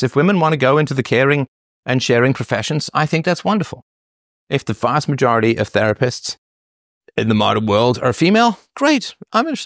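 A man hosting a solo show, arguing his point in animated, sarcastic commentary with laughing asides. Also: mid-range voice, no echo, studio quality. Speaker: host.

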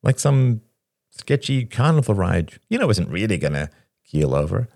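A man voicing a weary, glib young man who speaks softly. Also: lowish voice, sing-song, normal speed, no room sound, clean studio sound, voice pushed up. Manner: soft, deflecting.

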